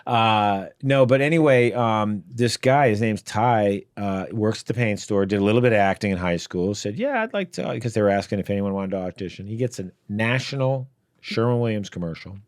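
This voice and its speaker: A man's voice: lowish voice, brisk, no room sound, studio quality. A male podcast co-host and actor, telling rambling, hesitant anecdotes full of restarts. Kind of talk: casual podcast chat.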